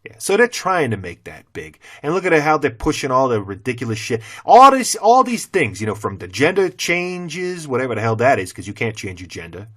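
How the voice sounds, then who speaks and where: Blunt, foul-mouthed middle-aged man ranting. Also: mid-range voice. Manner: blunt, heavy cursing, loud swings into mocking. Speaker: former teacher turned channel host. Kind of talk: profane opinion rant to camera.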